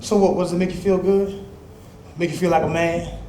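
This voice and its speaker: A man's voice: sits high, steady tone, a little fast, a little hiss or hum, natural voice. A man playing an angry young man scolding a friend. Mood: contemptuous. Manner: scolding, mocking, erupts into shouting. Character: angry young man confronting his abusive best friend. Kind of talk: independent film drama acting. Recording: roomy indoor echo with faint ambience.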